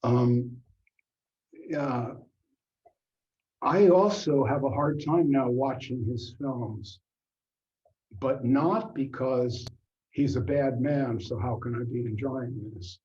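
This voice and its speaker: Man, older, frank, casual talk, dark tone, muffled lo-fi recording. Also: medium pitch, slow, long pauses. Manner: frank and unguarded, swears for emphasis. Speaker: guest. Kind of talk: casual conversation. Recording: dull lo-fi sound.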